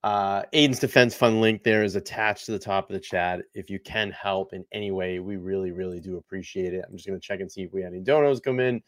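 A man's voice: sits low, steady tone, quick pace, few pauses, no echo. A man hosting a casual livestream who rants in a profane, exasperated way. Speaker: host.

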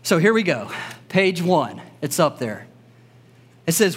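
Pastor, male, high animated delivery, earnest and personal, church sermon. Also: measured pace, slightly rough, in a large hall. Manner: earnest, personal storytelling with emphatic repetition. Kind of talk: conversational sermon. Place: church service before a congregation.

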